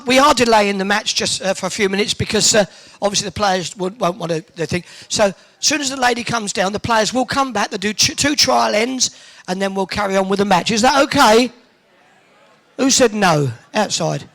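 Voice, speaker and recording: A man hosting a bowls event, teasing the crowd with quick cheeky one-liners over a handheld microphone in a large indoor arena. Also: high-pitched, gravelly, fairly bright tone. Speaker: arena host entertaining the crowd.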